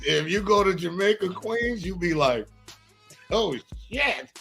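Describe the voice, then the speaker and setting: A joking, slangy man with a New York accent, talking loud on a casual radio show. His voice sits a bit high and sounds bright and forceful, with faint music playing underneath. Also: animated, measured pace, creaky. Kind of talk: casual chat.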